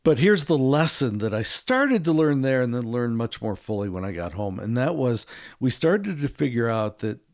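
Animated American man telling stories. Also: normal speed, no room sound, studio quality. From United States. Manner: animated storyteller, acts out quotes with big pitch jumps. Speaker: guest, ministry author. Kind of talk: storytelling in a podcast interview.

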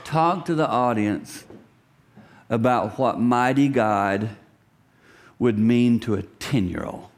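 A middle-aged man preaching a sermon to his congregation. He talks animatedly, swinging between loud lines and hushed whispers and acting out voices. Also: mid-range voice, slow pace, pauses often. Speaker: pastor.

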